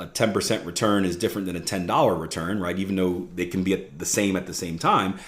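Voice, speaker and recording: A man hosting his own trading podcast, talking casually and often tossing in "right?" as he explains. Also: low-pitched. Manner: conversational, frequent "right?" asides. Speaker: podcast host, trading coach. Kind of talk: casual solo podcast talk. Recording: echoey room.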